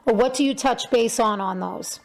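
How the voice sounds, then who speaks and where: A woman's voice: a little high, moderate pace, creaky, soft background music. A woman hosting an interview show, chatting casually with many fillers and restarts.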